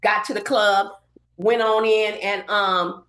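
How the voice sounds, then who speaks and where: A woman in her fifties from Inglewood, California, telling an animated story as a guest on a casual podcast interview and acting out the voices she quotes. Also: medium pitch, takes it slowly. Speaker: guest hairstylist. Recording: roomy echoey room.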